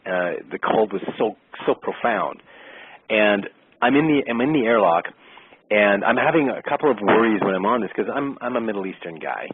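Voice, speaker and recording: A middle-aged man, an actor and interview guest, telling a lively anecdote and acting out the exchanges he describes. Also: lowish voice, normal speed, a little hiss or hum. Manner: lively storyteller who acts out quoted exchanges. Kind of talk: casual storytelling anecdote. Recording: tinny phone-line sound, dry.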